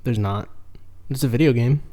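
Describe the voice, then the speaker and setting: A man's voice: mid-range voice, normal speed, warm tone. Meet a man who chuckles his way through a casual film chat. He keeps throwing in playful puns and jokes. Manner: giggly, playful wordplay. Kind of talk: casual movie commentary chat.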